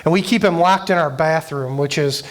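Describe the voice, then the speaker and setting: A man's voice: a little high, moderate pace. Man telling a personal story at church. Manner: conversational, emotional personal story with many fillers. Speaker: youth director. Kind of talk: sermon storytelling.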